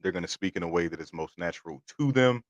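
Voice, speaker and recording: Male co-host, lowish voice, thoughtful and explanatory. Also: animated, fast, dry recording, muffled recording. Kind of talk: casual chat.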